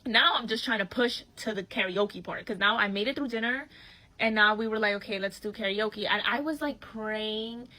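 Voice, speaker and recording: Bright, animated young woman telling a story. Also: fairly high pitch, moderate pace, poor audio. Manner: animated, slangy and profane, acts out quotes. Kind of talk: casual storytime vlog.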